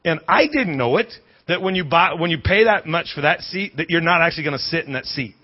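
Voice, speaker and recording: A man's voice: on the high side, lively intonation, a little fast, breathy edge. A male pastor telling a story in a sermon, chatty, with frequent restarts and questions to the congregation. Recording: slightly dull recording.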